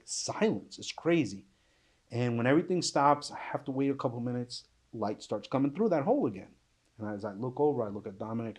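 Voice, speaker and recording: A man giving an emotional personal account as a panel guest, halting and subdued, with restarts and trailing pauses. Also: mid-range voice, darkish tone, husky. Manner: subdued, intense storytelling. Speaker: panel guest recounting survival.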